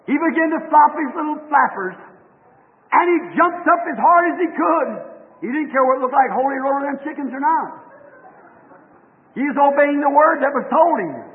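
A man preaching a fervent sermon, rising to shouts as he tells a parable. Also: extremely high pitch, animated, normal speed. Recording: tinny old recording in a hall.

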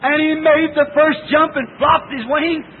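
A man preaching a fervent sermon, often slowing and rising into shouted cries. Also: very high voice, little pitch movement. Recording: tinny lo-fi old recording.

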